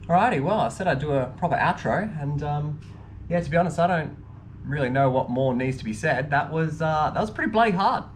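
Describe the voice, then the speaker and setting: Excitable man vlogging on a trail. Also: fairly high pitch, brisk, a little hiss or hum. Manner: excitable, rambling, swears mildly. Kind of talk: casual self-filmed vlog talk. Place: outdoors on a hill trail.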